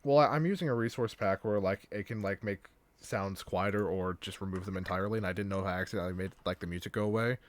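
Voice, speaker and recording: A man's voice: low voice, fast. A man chatting casually while gaming on a stream, laid-back and wry. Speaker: stream guest.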